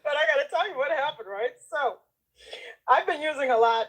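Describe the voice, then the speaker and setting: Chatty woman telling a story, kinda high voice, laughs a lot, acts out what everyone said. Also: fairly quick, poor audio. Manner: animated, laughs often while telling a story; acts out the people she quotes, including herself. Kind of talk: casual conversational storytelling.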